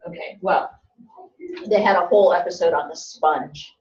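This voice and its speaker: A woman's voice: fairly low pitch, moderate pace. A woman teaching a class in an easy, conversational way, trading quips with her students. She sounds distant and roomy. The recording is dull and muffled. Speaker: lecturer. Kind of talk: classroom lecture.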